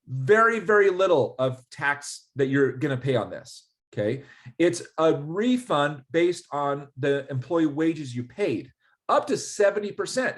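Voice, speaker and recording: Animated man explaining with anecdotes. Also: fairly high pitch. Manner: animated storyteller, acts out quoted dialogue. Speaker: ERC specialist guest. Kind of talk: casual explanatory interview.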